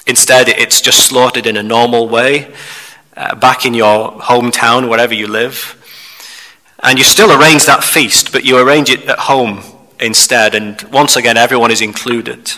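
A man preaching a measured expository sermon, turning to the listeners with rhetorical asides. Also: medium pitch, fairly even intonation, bright, forceful tone. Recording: long hall reverb.

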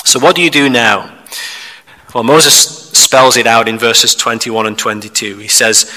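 A man preaching a measured expository sermon, turning to the listeners with rhetorical asides. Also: mid-range voice, fairly even intonation, pushed and bright. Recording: long hall reverb.

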